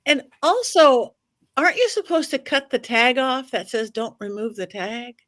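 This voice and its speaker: A woman's voice: high voice, expressive, normal speed, a bit bright. A woman co-hosting a casual podcast chat, making wry, dry jokes. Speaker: podcast co-host.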